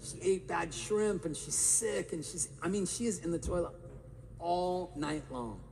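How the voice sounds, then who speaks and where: A man with a somewhat high, gravelly voice gives an energetic motivational talk and keeps asking the crowd questions. Long reverb from a large hall surrounds him, with a faint murmur of room noise behind. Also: measured pace. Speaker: motivational speaker. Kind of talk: live talk to an audience.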